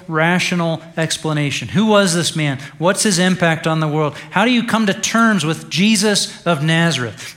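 A male pastor preaching an Easter sermon in a conversational way, dropping to a hush and then rising to stress a point. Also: high voice. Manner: conversational preaching, swings from hushed to emphatic.

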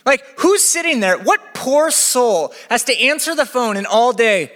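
A young man preaching a sermon as campus pastor, chatty and energetic with a live crowd. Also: extremely high pitch, measured pace, few pauses. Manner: energetic, chatty, acts out quotes. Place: church venue with balcony. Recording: long hall reverb.

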